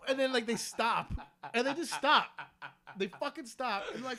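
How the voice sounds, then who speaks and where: A man, a comedian guest on a podcast, telling a story in an animated way, swearing a lot and acting out what other people said. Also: very high voice, moderate pace.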